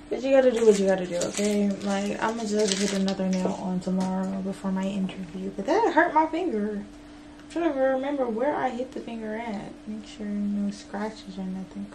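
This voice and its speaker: A woman's voice: mid-range voice, fairly even intonation, moderate pace, background noise. A twenty-year-old woman from Virginia, chatting casually to camera as a vlogger and college student, rambling with lots of fillers and slang. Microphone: camera mic.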